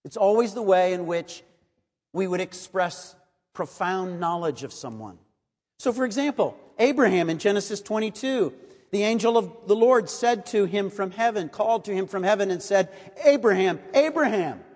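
A man preaching a sermon in a measured, earnest way, reading and explaining scripture. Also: high voice, darkish tone. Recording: long hall reverb.

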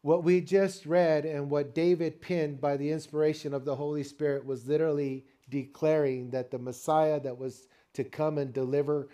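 An older man preaching a sermon, telling a family story with lively call-and-response to the congregation. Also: fairly high pitch. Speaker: pastor.

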